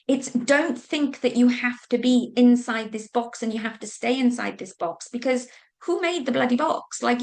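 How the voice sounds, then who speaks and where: Her voice sits a little high as this Welsh woman, a business coach, leads a live online training session. The talk is loose and casual, full of "like" and "okay," with the occasional mild swear word when things fluster her.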